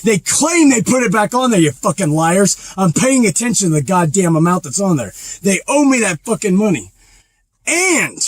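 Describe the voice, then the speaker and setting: A man's voice: high-pitched, creaky, husky. A man driving a truck, talking casually to the camera and ranting angrily with constant swearing. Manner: angry, profane ranting. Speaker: truck driver. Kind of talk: casual vlog rant while driving. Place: truck cab on the road.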